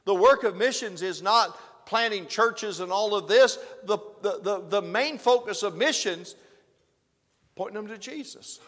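Country preacher guy, high bright voice all over the place, echoey church hall. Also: measured pace. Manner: swings from loud exclamations to hushed earnest lines. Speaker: pastor. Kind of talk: sermon.

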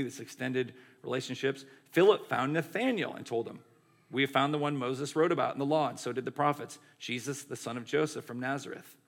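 A man delivers a sermon in a loose, chatty preaching style. His voice carries a gravelly edge at a mid pitch. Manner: conversational, animated preaching with many "like" and "right". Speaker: pastor.

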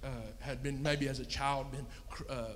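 A man's voice: mid-range voice, little pitch movement, normal speed, background noise. A man preaching a sermon, telling a story in a folksy, plain-spoken way. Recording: long reverb in a hall.

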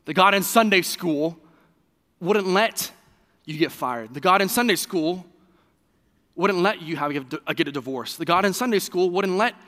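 A man preaching a sermon in a loose, conversational way, full of fillers and quick restarts. His voice is fairly high, bright and forceful. A long reverb trails his words. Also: animated. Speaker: pastor.

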